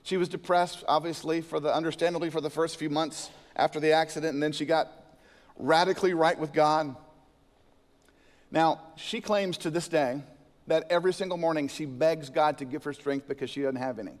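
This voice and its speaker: A male senior pastor delivers a sermon in a slightly high voice. He moves between scripture and storytelling and presses hard on key words. The sound carries a long church-hall reverb. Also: a little fast. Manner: storytelling preacher with a joke, animated emphasis.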